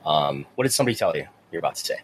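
A man's voice: a bass voice, sing-song, very fast, a little hiss or hum. A man co-hosting a casual wrestling news talk show, rambling with frequent restarts. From near the US–Canada border. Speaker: podcast co-host.

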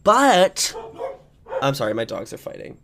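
A young man chats on a podcast, jumping around in pitch with a lively, animated voice. He rambles with lots of fillers and throws in jokes. His delivery is loose and casual. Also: unhurried, background noise. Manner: rambling, filler-heavy, jokey. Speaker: podcast co-host. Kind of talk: casual chat.

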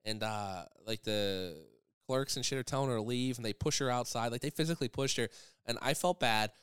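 A man co-hosting a podcast, telling profane stories in a casual chat and shouting out the voices of the people in them. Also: mid-range voice, brisk, clear, resonant tone, no room sound, studio quality. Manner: profane, animated storyteller who shouts quoted voices. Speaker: podcast co-host.

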